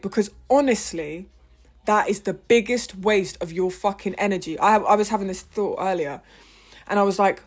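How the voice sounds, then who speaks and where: A woman, talking frustratedly and emphatically in a heated personal monologue and swearing often. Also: moderate pace. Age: 20s. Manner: impassioned, with big swings in pitch and loudness. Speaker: vlogger.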